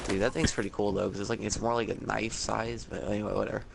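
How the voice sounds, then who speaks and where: A man's voice: lowish voice, level tone, quick pace, gravelly, noisy background. A laid-back man chatting and telling a story over a gaming headset while he plays. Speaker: gaming friend. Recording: loud game gunfire behind a headset voice. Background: video game gunfire.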